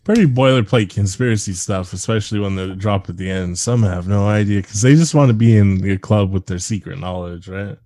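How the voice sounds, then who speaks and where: A man's voice: fairly low pitch, brisk, few pauses, dark tone, no echo. A man co-hosting a podcast in casual chat, sarcastic and profane, laughing often. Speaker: podcast co-host.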